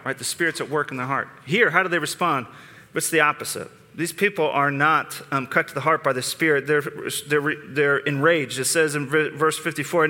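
A man's voice: on the high side, bright, forceful tone, big-room sound. A man preaching a sermon in a conversational way, restarting phrases often, in a church sanctuary. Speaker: pastor.

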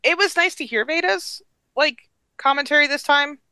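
A woman's voice: sits high, moderate pace, bright, forceful tone, no room sound. A woman guest on a podcast in casual chat, explaining things thoughtfully and laughing lightly.

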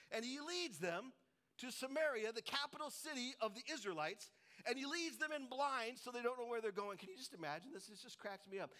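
A middle-aged man from Colorado preaching a sermon, telling stories with humor and acted-out voices. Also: very high voice. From Colorado, United States. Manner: animated storytelling with humor and voices. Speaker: pastor.

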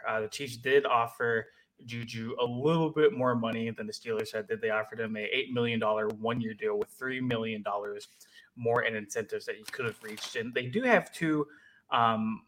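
A man co-hosting a sports podcast, talking in a relaxed, hesitant way with many fillers. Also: mid-range voice, normal speed, rough recording. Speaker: podcast co-host. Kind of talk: casual sports chat.

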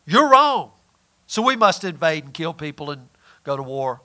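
A man with a high, bright voice delivers a sermon to his congregation. He talks in a folksy, emphatic way, punching some points loudly and dropping others to a near murmur. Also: big pitch swings, normal speed. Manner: folksy and emphatic, swings between loud and quiet. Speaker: preacher.

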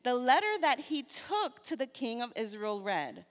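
A woman preacher giving a sermon and reading scripture aloud, slow and deliberate, turning animated as she retells the story. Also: a little high. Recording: long reverb of a large hall.

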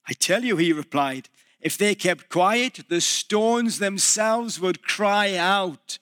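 A man's voice: high voice, slow pace, a bit bright, no echo, studio quality. A male pastor preaching a sermon, building emphasis and putting questions to the congregation.

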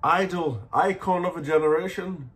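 A man co-hosting a podcast, chatting casually with joking, profane, deadpan asides. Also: a little high, moderate pace, over music. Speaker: podcast co-host. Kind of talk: casual chat.

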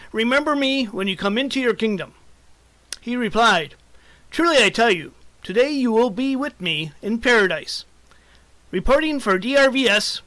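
A man reading scripture as a mock news report, with a steady, announcer-like delivery. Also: very high-pitched, no room sound. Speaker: mock newscaster and scripture reader.

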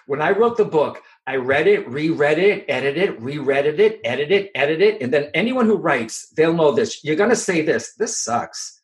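A middle-aged man with a Boston accent, a medium and author chatting casually in an interview, animated and full of restarts. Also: a little high, moderate pace, few pauses, poor audio.

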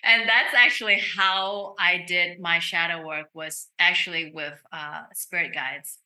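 A woman speaking as a podcast guest, a medical intuitive telling an earnest, animated story. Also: lowish voice, unhurried. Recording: roomy echo.

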